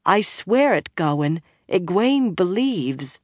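Brief: reader raising the voice for a young woman, pitched high, urgent and pleading, dry booth sound. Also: normal speed, darkish tone, dry recording, lightly acted.

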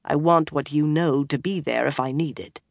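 Brief: reader playing a worn-out young swordsman, low and hushed, flat delivery, dry close read. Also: moderate pace, creaky, dry recording. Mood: quiet, flat. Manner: quiet, flat and emotionless. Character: tired, tense young swordsman, soft-spoken.

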